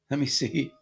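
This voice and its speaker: A middle-aged man, a problem gambling coach, speaking live to viewers in an animated motivational talk and acting out the characters in his stories. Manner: animated storytelling, acts out quoted characters.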